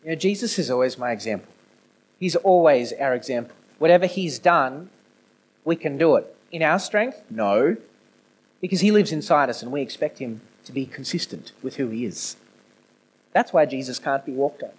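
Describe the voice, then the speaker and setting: A male pastor giving a conversational sermon, moving between quiet, intimate passages and raised, emphatic ones. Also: medium pitch, animated, moderate pace, breathy edge, rough recording. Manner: conversational preaching with swings from soft to emphatic. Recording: no video, audio only.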